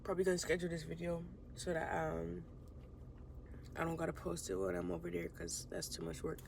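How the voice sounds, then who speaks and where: A woman's voice: lowish voice, flat delivery, a little fast, gravelly, noisy background. A young woman vlogging casually to camera, slangy and rambling, tearful after crying for a long time. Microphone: phone camera.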